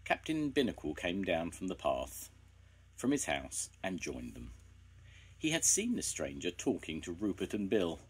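An older man reading a children's story aloud, gentle and expressive. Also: low-pitched, measured pace, husky.

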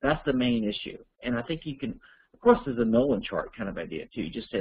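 A man with a gravelly, husky voice answers listener questions for an online course, thinking aloud as he goes. The audio is dull and lo-fi. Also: mid-range voice, wildly swooping pitch, quick pace.

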